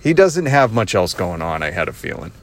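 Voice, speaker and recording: A man's voice: low-pitched, big pitch swings, brisk. A man hosting his own podcast, telling a casual story with a lot of sarcasm and frequent laughter, recorded while driving. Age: adult with children. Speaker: podcast host. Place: driving in a car.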